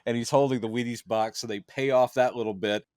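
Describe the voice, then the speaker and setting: A man's voice: medium pitch, fairly even intonation, brisk, darkish tone, clear, resonant tone, no echo, clean studio sound. A man in a casual movie review chat, talking loosely and acting out characters' lines in playful voices. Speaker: film reviewer.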